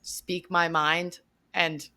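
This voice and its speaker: Woman guest, lowish voice, chatty and upbeat, casual podcast talk. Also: little pitch movement, very slow, pushed and bright. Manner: chatty, upbeat, many fillers. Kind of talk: casual chat.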